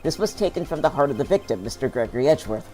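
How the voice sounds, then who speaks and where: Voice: medium pitch, big pitch swings, racing, darkish tone, soft background music, close to an everyday voice. A streamer voicing an earnest young male defense lawyer while reading a video game's text aloud, in a near-plain voice. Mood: pressing.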